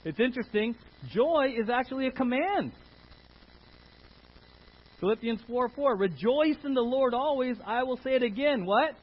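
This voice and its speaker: A man's voice: very high-pitched, normal speed, pauses often, slightly rough, highs cut off. A man preaching a sermon, leading the congregation with call-and-response questions. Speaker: pastor.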